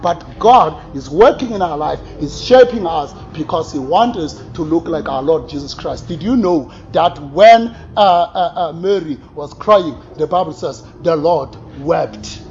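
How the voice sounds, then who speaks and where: A man preaching a sermon, animated, swinging between loud exclamations and quiet asides with frequent laughs. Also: a little high, a little slow, few pauses, faint music behind. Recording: slightly dull recording with faint room ambience.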